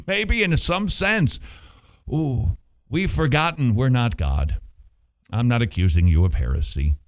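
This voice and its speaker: A man preaching a sermon, animated, with rhetorical questions and playful asides. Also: mid-range voice, slow pace, long pauses. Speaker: pastor.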